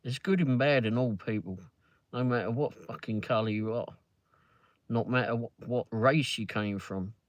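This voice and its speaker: A man's voice: medium pitch, normal speed, no echo. A man with a London accent chatting casually from a car during a live ride-along, rambling with lots of fillers and swearing freely. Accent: London English. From England. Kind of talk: casual chat.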